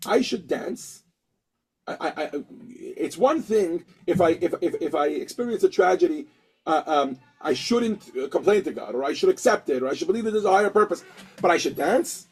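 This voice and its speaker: A man's voice: on the high side, animated, normal speed, a little mellow, breathy edge, low-quality recording. A man teaching a lesson, telling a story and acting out the characters with many restarts.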